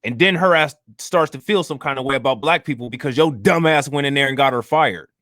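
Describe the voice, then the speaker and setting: A man's voice: mid-range voice, fairly quick, fairly bright tone, no echo, studio quality. A man co-hosting a commentary show, talking in a mocking, profane, casual way. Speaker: co-host.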